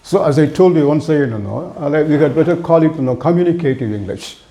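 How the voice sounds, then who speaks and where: A man's voice: fairly high pitch, lively intonation, fast, warm tone. A man with an Indian accent teaching spoken English to viewers, rambling earnestly with many "you know" fillers. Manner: earnest, addresses viewers directly.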